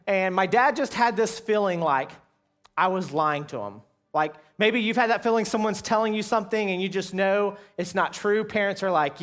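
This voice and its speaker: Pastor guy telling stories in his sermon, high-ish voice, lots of ums and restarts. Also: moderate pace, a bit bright. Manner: conversational, many fillers and restarts, addresses audience. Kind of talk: sermon with storytelling.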